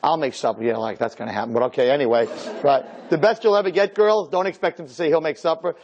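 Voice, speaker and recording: Rabbi guy giving a torah class, kinda high voice, acts stuff out, lots of "right?" questions. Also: quick pace, lo-fi sound. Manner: animated, acts out dialogues, rhetorical questions. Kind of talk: Torah lecture to a live group.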